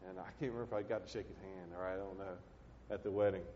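A man's voice: sits low, fairly even intonation, racing, dark tone, a little hiss or hum. Man, pastor preaching, folksy and emotional, long church reverb, muffled recording. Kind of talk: sermon. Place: church sanctuary.

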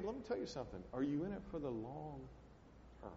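A man's voice: fairly high pitch, very animated, quick pace, mellow, in a large hall, highs cut off. A man preaching a sermon from the pulpit, folksy and emotional, tossing in "man" and "hey" as he talks. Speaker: pastor. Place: church sanctuary.

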